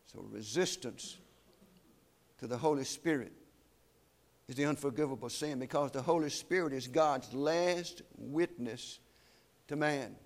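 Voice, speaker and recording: A man preaching a sermon, solemn and emphatic, slowing down to weigh key phrases. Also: mid-range voice.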